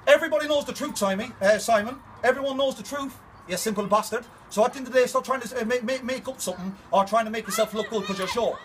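A man with a strikingly high voice fires off a fight challenge at speed, taunting and repeating his points. His talk is aggressive and insistent, with faint ambient noise behind him. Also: fast talker, fairly bright tone. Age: adult, older than 21. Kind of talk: confrontational video message.

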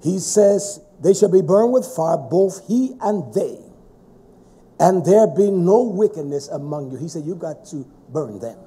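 A man preaching a sermon in a fervent, emphatic way, with sudden shouted stresses. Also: high-pitched, lively intonation, measured pace, husky.

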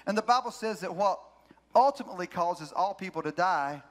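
A man's voice: high voice, lively intonation, a little fast. A man, a pastor, preaching a sermon in church, telling a story with energy and repeating his key phrases for emphasis. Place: church sanctuary.

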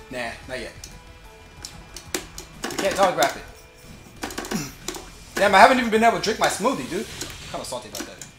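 A man streaming a fighting game, giving excitable running commentary and trash talk between laughs. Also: high voice. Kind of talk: live gameplay commentary. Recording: roomy echo with faint game music.

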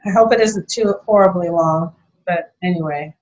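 Chatty older woman, slightly low voice. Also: moderate pace, darkish tone, muffled recording. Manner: chatty, rambling storyteller with small laughs. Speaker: interview guest. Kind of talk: casual conversation.

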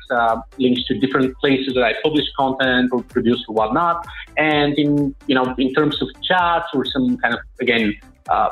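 A man talking as a guest on a podcast, fluent and businesslike, dropping in plenty of "uh" fillers. His voice comes through a roomy, slightly muffled remote recording. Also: medium pitch. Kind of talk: casual interview chat.

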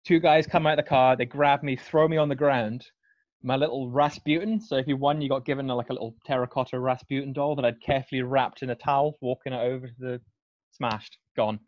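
A man's voice: mid-range voice, fairly even intonation, brisk, no room sound. A young man, a podcast guest telling a story in casual, self-deprecating chat. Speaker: guest cyclist. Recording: dry, slightly dull audio.

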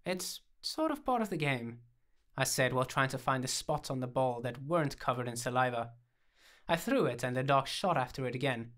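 A man reading a first-person comic story aloud in a dry, deadpan manner, acting out the dialogue. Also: medium pitch.

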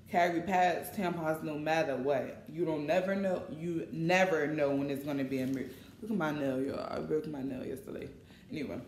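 A woman's voice: low-pitched, a little mellow, slight background noise. Chatty woman vlogger, roomy echo. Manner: chatty, informal, addresses viewers as y'all. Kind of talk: casual vlog chat. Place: in line at a shopping mall coffee shop.

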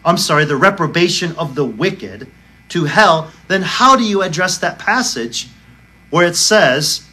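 A man's voice: on the high side, lively intonation, measured pace, sharp tone. A male pastor preaching a sermon, arguing emphatically and firing off rhetorical questions. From United States.

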